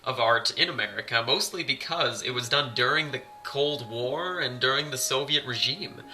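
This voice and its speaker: A man's voice: medium pitch, moderate pace, sharp tone, a little hiss or hum. A man giving casual vlog commentary in a chatty, wry, rambling way. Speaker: vlogger. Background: music playing.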